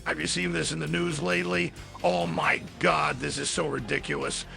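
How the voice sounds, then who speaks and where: A man doing a gravelly, frantic conspiracy ranter. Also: a little high, fairly even intonation, normal speed, loud music behind the voice. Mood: alarmed. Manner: alarmed, incredulous ranting. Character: frantic male conspiracy radio ranter, middle-aged.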